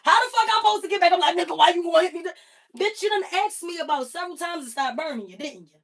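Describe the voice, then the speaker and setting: High-voiced woman ranting on a livestream. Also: fast talker. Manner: emphatic, heavily profane, animated storytelling. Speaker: livestream host. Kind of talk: casual livestream rant. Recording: voice a bit far from the mic.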